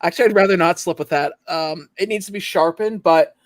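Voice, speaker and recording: Chatty high-voiced man from Ontario. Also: brisk, no echo, rough recording. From Ontario, Canada. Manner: chatty, laughs often, trails off and restarts. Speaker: host of a late-night collectors' stream. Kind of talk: casual chat.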